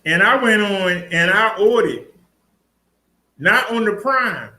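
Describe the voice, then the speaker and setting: A man's voice: high-pitched, lively intonation, takes it slowly, pushed and bright, reverberant, rough recording. A man casually demonstrating an e-bike in a vlog, chatty, laughing and talking to his viewers. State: out of breath. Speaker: fitness and e-bike vlogger.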